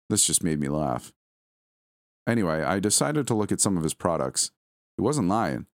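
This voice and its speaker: Deep-voiced male storyteller. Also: sing-song, normal speed, long pauses, dry recording, clean studio sound. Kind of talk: first-person story narration.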